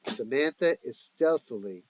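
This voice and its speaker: A man's voice: medium pitch, lively intonation, unhurried, no echo, low-quality recording. A man reading his own screenplay aloud, stage directions and all, now and then stopping to correct himself.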